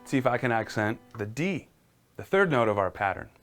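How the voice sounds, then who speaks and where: A man's voice: medium pitch, sing-song, a little fast. A man teaching a casual live-streamed piano lesson, encouraging and talking viewers through exercises.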